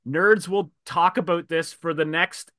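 A man in casual podcast chat who tells stories in an animated way and acts out quoted lines. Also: a little high, measured pace, no room sound, clean studio sound.

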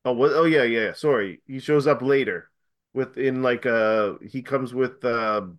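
A man talking casually about movies in a relaxed, hesitant way with frequent pauses. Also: medium pitch. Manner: easygoing, hesitant, many ums and restarts.

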